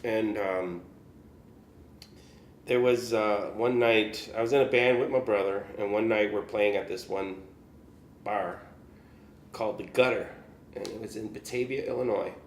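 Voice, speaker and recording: A man's voice: lowish voice, fairly even intonation, unhurried, pauses often, a little hiss or hum. A male guest musician telling gig stories in a casual, rambling way, full of "you know" fillers and chuckles. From Chicago area, US. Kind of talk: casual storytelling. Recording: roomy echo.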